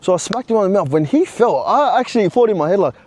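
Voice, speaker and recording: Man telling a story, slightly high. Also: expressive, fast talker, darkish tone, no echo. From Australia. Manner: conversational, full of restarts, bro and you know. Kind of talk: casual personal storytelling.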